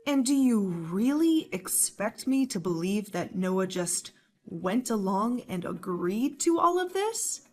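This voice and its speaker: A woman voicing a calm, pregnant young wife who answers her sister-in-law with dry sarcasm, in a dramatized story. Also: mid-range voice, takes it slowly. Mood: disbelieving. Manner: cool, composed, dryly sarcastic. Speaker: voice actor.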